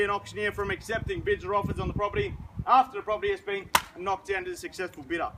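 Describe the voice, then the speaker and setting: A showy Australian auctioneer works a crowd outdoors, his voice sitting fairly high as he rolls through the sales patter. Faint street noise hums behind him. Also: sharp tone, poor audio.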